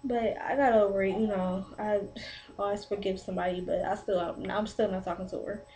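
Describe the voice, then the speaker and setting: Speaking fairly quickly in a medium-pitched voice, a pregnant teenager of 17 to 19 recounts a long story about her little sister on a low-quality vlog recording. It's a casual, rambling, animated retelling full of "like."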